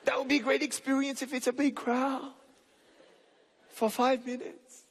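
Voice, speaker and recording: With a very high voice and flat delivery at a moderate pace, a young man gives a motivational talk before a live audience on a large stage. He tells a story and acts out both roles in the dialogue, his words echoing through a reverberant hall.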